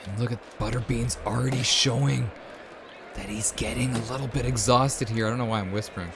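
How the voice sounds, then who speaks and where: A man hosting a let's-play, commentating on a video game in a casual, excitable way, cheering at the screen and dropping to a hushed voice when it gets tense. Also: mid-range voice, a little fast, noisy background. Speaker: host.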